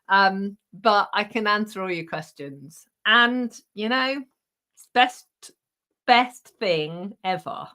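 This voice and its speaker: A woman's voice: mid-range voice, takes it slowly, pushed and bright, clean tone. A middle-aged woman hosting a casual live craft chat with viewers, chatty and laughing, with many ums and restarts. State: out of breath. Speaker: craft show host.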